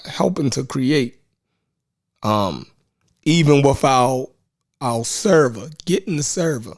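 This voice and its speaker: A man with a Baltimore accent hosting a live online show, chatting in a rambling, laid-back way with lots of fillers and shout-outs to viewers. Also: mid-range voice. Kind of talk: casual livestream chat.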